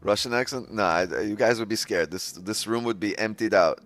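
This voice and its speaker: A man's voice: fairly low pitch, moderate pace, a bit bright, faint music behind. A man hosting a live day-trading stream, chatting casually with his viewers, laughing often and swearing freely. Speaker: day-trading livestream host.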